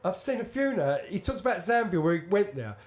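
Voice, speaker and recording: A man's voice: high voice, a little fast, a little hiss or hum. A man, telling stories in casual chat, swearing and laughing. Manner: animated storyteller, swears, laughs often. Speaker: podcast co-host.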